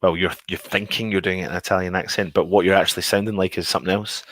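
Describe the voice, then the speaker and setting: A man co-hosting a casual football chat show, animated and talking over his co-host. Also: deep voice, rapid-fire, dry recording. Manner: animated, storytelling, talks over others. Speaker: podcast co-host.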